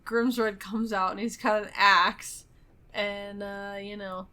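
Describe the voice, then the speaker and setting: Podcast co-host, woman, bright tone, rambling casual recap with fillers. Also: medium pitch, steady tone, slow pace. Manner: rambling retelling with frequent fillers and laughs. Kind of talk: casual movie recap chat.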